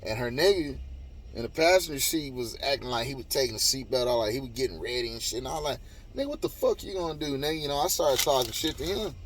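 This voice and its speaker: Talking fast in a mid-range voice, a man retells a story in an angry, profane, repetitive way, cursing frequently in a casual monologue. Some faint hiss or hum can be heard.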